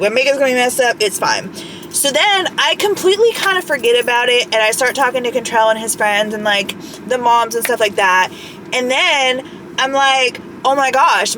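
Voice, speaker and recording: A woman's voice: a little high, a bit bright, a little hiss or hum. Chatty woman vlogging in a car. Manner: chatty and rambling, lots of "like" and "right?". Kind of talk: casual chat to camera.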